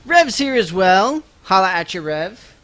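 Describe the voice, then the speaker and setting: A man's voice: high voice, very animated, measured pace, a bit bright. A young man chatting casually to his viewers while playing a game live, joking about himself and his busy day. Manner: chatty, self-mocking, talks to chat while playing. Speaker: game streamer. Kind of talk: casual live-stream chat. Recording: game music playing faintly behind.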